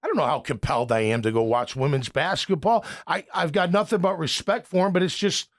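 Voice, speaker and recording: High-voiced opinionated male sports host. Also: a little fast, fairly bright tone. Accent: American. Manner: rambling, opinionated, frequent restarts. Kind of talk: casual sports talk.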